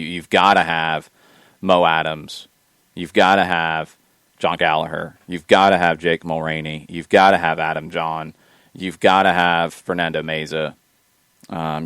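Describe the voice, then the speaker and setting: A man's voice: low-pitched, fairly even intonation, a bit bright, clean tone, dry recording, clean studio sound. A man co-hosting a sports podcast, chatting casually and giving rambling, opinionated takes. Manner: rambling, opinionated, quick asides. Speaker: podcast co-host.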